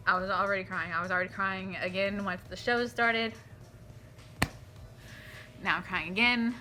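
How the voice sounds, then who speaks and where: A young woman vlogging in a casual chat, talking excitedly as a fan and often dropping to soft murmurs. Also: mid-range voice, slight background noise.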